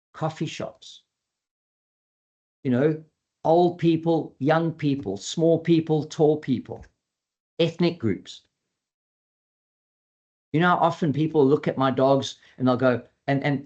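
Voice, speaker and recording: A male dog trainer presents a webinar in an easy, conversational way. He is animated, acting out his clients and their dogs as he goes. His voice sits at an ordinary middle pitch.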